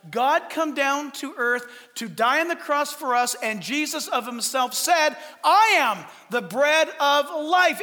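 A man's voice: extremely high pitch, pushed and bright, long reverb tail. A man preaching a sermon as pastor, emphatic and full of rhetorical questions. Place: church.

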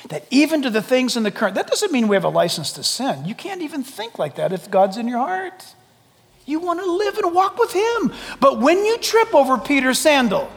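A male pastor delivering an emphatic, animated sermon, swinging from loud insistence down to quiet intensity. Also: very high voice, creaky, in a large hall.

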